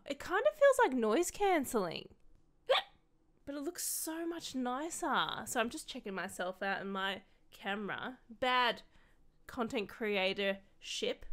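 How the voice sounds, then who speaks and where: A woman's voice: on the high side, animated, measured pace, fairly bright tone. A young woman casually unboxing gear for her vlog, gushing, sweary and chatty with rambling asides. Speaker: content creator and streamer.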